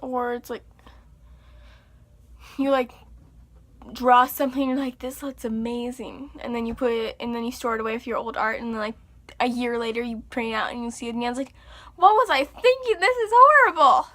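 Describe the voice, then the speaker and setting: A young woman chatting casually to her viewers, animated and chatty, acting out exasperated reactions. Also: a little high, brisk, pauses often. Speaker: vlogger. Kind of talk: casual chat to camera.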